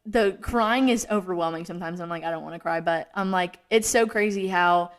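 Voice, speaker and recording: A woman's voice: lowish voice, fairly quick. A young woman hosting a faith podcast, talking in an earnest, rambling way with lots of fillers. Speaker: podcast host. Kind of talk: casual faith podcast chat.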